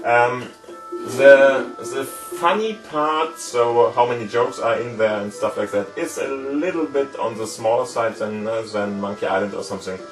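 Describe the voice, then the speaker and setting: A man's voice: medium pitch, moderate pace. A man hosting a gaming channel, walking viewers through an adventure game in a loose, explanatory way full of fillers and hedges. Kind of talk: let's play commentary. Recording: roomy, distant mic with game music. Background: game music.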